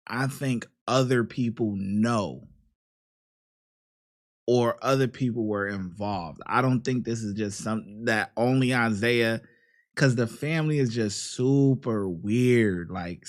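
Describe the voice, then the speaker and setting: A man hosting a live true crime stream, hesitantly thinking aloud about a case. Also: mid-range voice.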